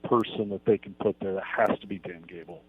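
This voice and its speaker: A man in a sports radio debate, talking with deadpan mock seriousness and stammered restarts. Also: on the low side, fairly quick, crowd noise. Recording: muffled dull broadcast audio.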